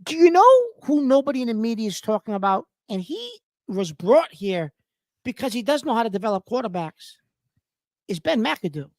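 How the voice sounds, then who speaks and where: A man's voice: extremely high pitch, sing-song, normal speed, dry recording. Insistent self-correcting male co-host. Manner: insistent, talks over his partner, corrects himself mid-sentence. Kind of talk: casual sports talk.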